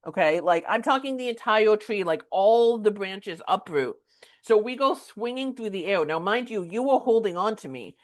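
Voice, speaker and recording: A woman hosting a podcast, telling a story in a casual, animated way with lots of filler words. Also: mid-range voice, normal speed. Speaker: podcast host.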